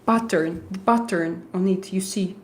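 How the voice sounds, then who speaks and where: A woman hosting a casual live chat, talking hesitantly with many fillers, pauses and restarts. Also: mid-range voice, a little hiss or hum. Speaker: livestream host.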